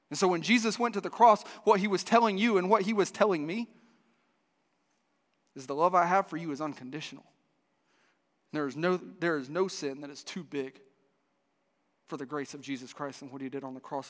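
A man's voice: fairly high pitch, a bit bright. A man preaching a sermon to a church, telling a story with frequent restarts. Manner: storytelling with many restarts, voices the dialogue. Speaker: pastor. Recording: long hall reverb.

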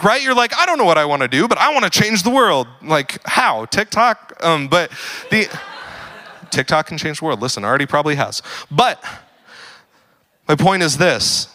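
A young adult man preaching a casual sermon, joking and full of fillers, building to animated emphasis. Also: on the high side. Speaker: pastor.

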